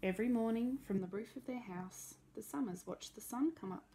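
A woman reads a picture book aloud at a calm storytime pace, stopping to point out details in the pictures. Her voice is mellow and dark with a gravelly texture, and a faint hum sits behind it. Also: on the high side, a little fast. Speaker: storybook reader.

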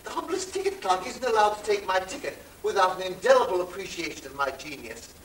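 A languid, vain wit, played by a man, drawling theatrically with a lively, high voice. He is heard from a distance in a roomy hall. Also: fast talker, slight background noise. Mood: languid witty. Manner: languid, theatrical, self-mocking. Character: languid, witty, vain male aesthete. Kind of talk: stage monologue.

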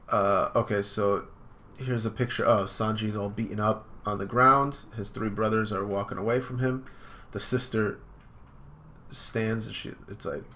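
A man's voice: lowish voice, steady tone, a little slow, sharp tone. A young man hosting a casual live comic reaction, rambling with lots of fillers and laughing easily. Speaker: reaction video host.

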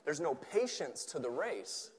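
A man from Tennessee with a Southern accent, preaching an animated, joking sermon in a church, swelling at times to near shouts. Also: fairly high pitch, unhurried, slightly rough. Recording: long hall reverb.

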